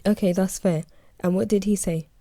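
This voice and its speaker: A man's voice: sits high, fairly even intonation, normal speed, mellow, no room sound. A woman reading aloud as an impulsive male friend, pleading and eager to make amends.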